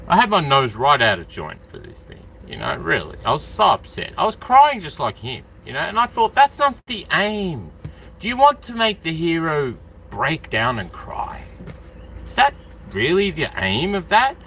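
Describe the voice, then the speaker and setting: Animated man rambling on a live stream. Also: fairly high pitch, moderate pace, vocal fry, a little hiss or hum. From Australia. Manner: animated, rambling, calls out to viewers by name. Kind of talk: casual live-stream chat.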